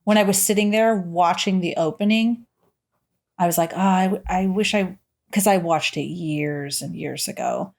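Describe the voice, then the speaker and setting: A woman co-hosting a casual horror-movie podcast, chatty and quick to laugh. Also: fairly low pitch, creaky, darkish tone. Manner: chatty, laughs often, quickly acts out quoted voices. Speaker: podcast co-host. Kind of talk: casual chat.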